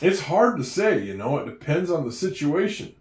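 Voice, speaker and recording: A man from Oregon teaching English in a relaxed, chatty way, with fillers and light laughs. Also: fairly high pitch, normal speed. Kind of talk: casual teaching talk. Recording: echoey room.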